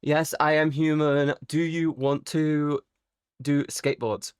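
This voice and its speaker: A woman live streamer chatting casually with her viewers, playful and teasing, swearing freely and jumping suddenly into high squeaky exclamations. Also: level tone, slow pace, clear, resonant tone, no room sound, studio quality.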